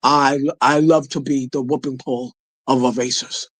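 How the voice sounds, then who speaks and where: A man's voice: mid-range voice, level tone, normal speed, fairly bright tone, dry recording, natural voice, low-quality recording. A man doing a mocking impression of a self-loathing, slovenly woman, stammering and mumbling through her confessions.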